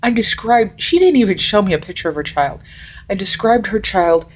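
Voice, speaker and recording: A woman's voice: mid-range voice, expressive, moderate pace. A woman in her forties talking casually to the camera, blunt and rambling, swearing freely. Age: 40s.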